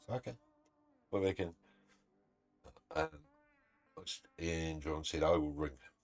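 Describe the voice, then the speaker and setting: A man's voice: extremely low pitch, expressive, measured pace, creaky. A man, a gaming streamer casually telling a story in a blunt, swearing, heated way. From New Zealand.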